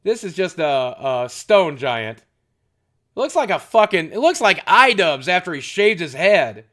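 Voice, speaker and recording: A man's voice: high voice, sing-song, a little slow, sharp tone. A man chatting casually and profanely with his stream chat while unboxing, cracking jokes. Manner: crude, profane, jokey.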